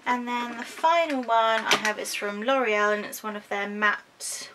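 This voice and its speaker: A woman's voice: medium pitch, steady tone, normal speed, hardly any pauses, bright, forceful tone, slight background noise. A woman with an English accent chatting through a product walkthrough, hesitant with frequent ums and self-corrections. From United Kingdom. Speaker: beauty vlogger.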